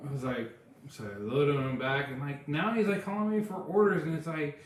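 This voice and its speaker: A man's voice: medium pitch, fast. Rambling man in a very echoey room. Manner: rambling storytelling with many fillers. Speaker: podcast co-host. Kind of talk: casual chat.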